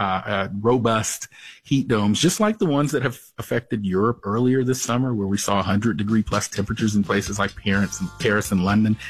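Husky-voiced man explaining weather. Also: on the low side, no room sound, rough recording. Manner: measured, explanatory. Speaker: meteorologist guest. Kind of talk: radio interview answers.

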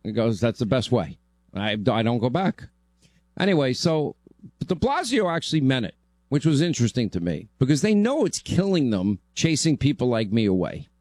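A man's voice: medium pitch, sing-song, normal speed, darkish tone, no echo. A man hosting a talk radio show, talking bluntly and joking around with a guest.

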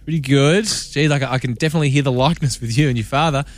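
An Australian man hosting a radio show in casual banter, chatty and quick to laugh. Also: medium pitch. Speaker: radio host.

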